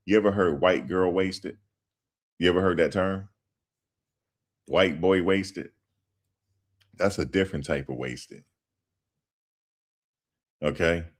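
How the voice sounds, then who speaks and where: A man doing casual commentary on a livestream. He talks in an animated, slangy way and repeats himself for emphasis. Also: low-pitched.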